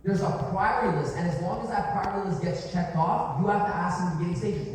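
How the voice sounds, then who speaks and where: A man's voice: high voice, fast talker, hardly any pauses, slight background noise. A man coaching salespeople in a punchy, emphatic style, repeating his points for effect. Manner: emphatic, punchy, repetitive asides. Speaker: sales trainer. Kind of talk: motivational sales coaching talk. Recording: echoey hall from far off, faint ambience.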